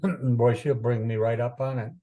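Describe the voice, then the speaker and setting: Rambling astrologer man with a mellow voice. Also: mid-range voice, fairly even intonation, moderate pace, highs cut off. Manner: rambling, with many fillers and repetitions. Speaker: astrologer teaching chart interpretation. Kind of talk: informal teaching talk.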